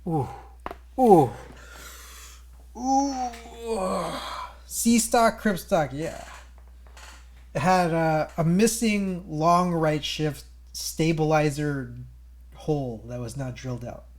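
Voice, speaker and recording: A man's voice: on the high side, slow pace, a little hiss or hum. A man streaming live, chatting casually with viewers while typing on a keyboard he built. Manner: laid-back, talks to chat while typing.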